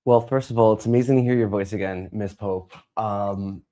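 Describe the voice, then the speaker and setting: Lively man telling stories on a podcast. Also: on the low side, moderate pace. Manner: animated storyteller, acts out dialogue. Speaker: streamer and interview guest. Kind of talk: casual interview chat.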